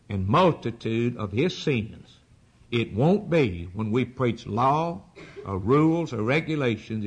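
A man's voice: mid-range voice, breathy edge. Older man, preacher, sermon, fervent, rising and falling intensity. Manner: preaching with rising fervor and sudden drops.

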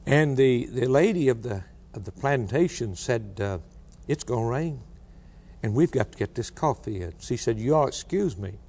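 Animated male preacher with folksy asides. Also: moderate pace, long reverb tail. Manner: lively, rising to high emphatic peaks on quoted lines; folksy, with repeated words and asides. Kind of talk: sermon.

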